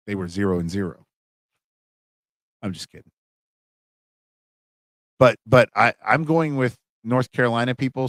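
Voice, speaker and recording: A man's voice: on the low side, fairly bright tone, no echo. A middle-aged man, a college humanities instructor, wrapping up a livestream class in a chatty, rambling way with lots of fillers and restarts. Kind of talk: casual livestream class wrap-up.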